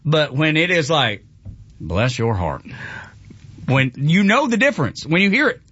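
A man's voice: on the high side, sing-song, brisk, bright, forceful tone, slightly rough, no room sound, dull audio. A man with a Southern US accent, a country radio host chatting casually, laid-back and drawling, often laughing.

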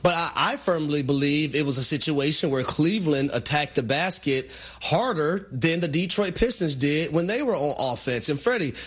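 A man co-hosting a sports talk show, explaining in a measured way why a team lost. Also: on the high side, expressive, a bit bright, slightly rough. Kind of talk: sports analysis chat.

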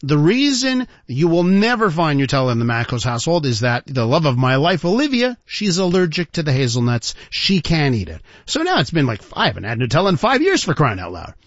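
A man hosting a talk radio show, telling a story in an animated way and calling listeners ladies and gentlemen. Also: fairly high pitch, a little fast, few pauses, no echo. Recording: dull lo-fi broadcast sound.

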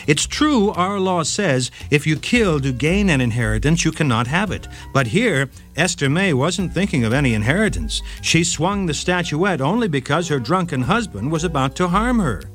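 A man's voice: fairly high pitch, moderate pace, few pauses, soft background music. A man hosting a short legal radio segment, reading a scripted case story with dramatic flair. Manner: dramatic, lively storytelling read.

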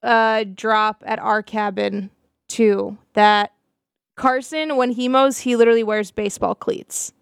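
A woman's voice: a little high, steady tone, a little slow, creaky, smooth, no room sound, studio quality. A woman co-hosting a radio show, casual and matter-of-fact, reading out sponsor lists.

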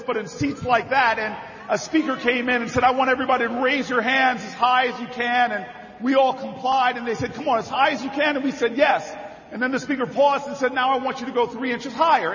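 A middle-aged man, a senator, giving a rousing convention speech, repeating phrases and building to shouted climaxes. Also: extremely high pitch, slight background noise. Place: large convention hall, indoors. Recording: dull, reverberant hall sound.

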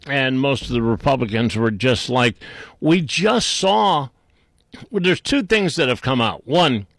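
A man's voice: medium pitch, expressive, normal speed, a bit bright, no room sound, studio quality. A man hosting a talk radio show, rambling and irreverent, with many fillers and restarts. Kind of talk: casual talk radio monologue.

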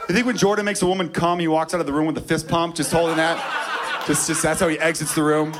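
A man from Chicago performing a stand-up comedy set, profane and excitable, building into shouted rants. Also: on the high side, fast. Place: comedy club stage. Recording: live club recording with loud crowd and noise.

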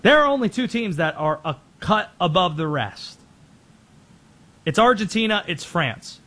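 High-voiced, brisk sports show host. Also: male voice, lively intonation, fairly bright tone. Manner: brisk, opinionated, rattling off names. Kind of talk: scripted sports commentary.

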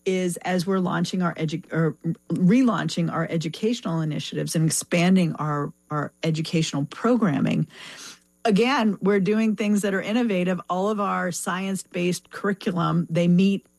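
A woman's voice: lowish voice, normal speed, a little mellow, dry recording. A woman speaking as a foundation representative in an interview, reflective and full of restarts and fillers. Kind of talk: conversational interview.

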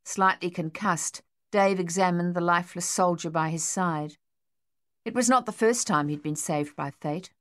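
A woman reading an audiobook in measured, even storytelling narration. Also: lowish voice, no echo, studio quality.

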